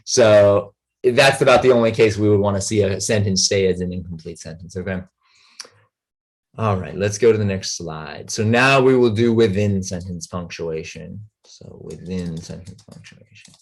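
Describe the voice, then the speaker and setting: A man with a low-pitched voice and a normal pace tutors grammar in a relaxed, rambling style, filling gaps with filler words and checking in often with the students.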